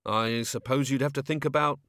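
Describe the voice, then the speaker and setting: A man's voice: mid-range voice, fairly even intonation, brisk, fairly bright tone, no echo, clean studio sound, voice pushed up, natural voice. A man voicing a queasy, flustered male god of hangovers who gabbles and splutters.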